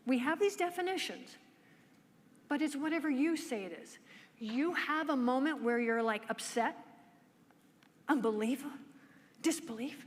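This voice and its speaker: A woman's voice: high-pitched, expressive, a little slow, pauses often. A woman nurse researcher giving a conference lecture and engaging the audience with rhetorical questions. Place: conference hall. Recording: long hall reverb, faint background noise.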